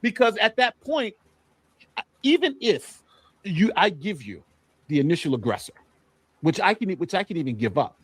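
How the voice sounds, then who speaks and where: A man's voice: high-pitched, big pitch swings, normal speed, long pauses, fairly bright tone, slightly rough, dry recording. A man hosting a casual panel discussion, laying out an argument point by point. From New York. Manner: argumentative, builds a case point by point. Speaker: panel host.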